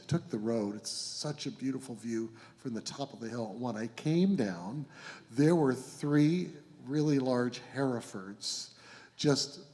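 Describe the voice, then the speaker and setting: A middle-aged man, a folk musician, telling a gentle, meandering anecdote between songs on a concert stage, chuckling as he goes. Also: mid-range voice. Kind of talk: rambling onstage storytelling. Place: live concert venue stage. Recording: reverberant live hall with instruments.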